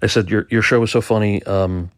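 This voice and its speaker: A man's voice: fairly low pitch, a little fast, no echo, studio quality. A man, an actor and author, recounting his experiences in a reflective interview, often repeating words as he talks. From United States. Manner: reflective, stammers and repeats words, animated quoting. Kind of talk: storytelling interview.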